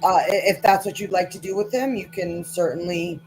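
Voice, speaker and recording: A woman narrating as game master in a tabletop game, casual and halting with many fillers. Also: lowish voice, a little mellow, faint music behind, low-quality recording.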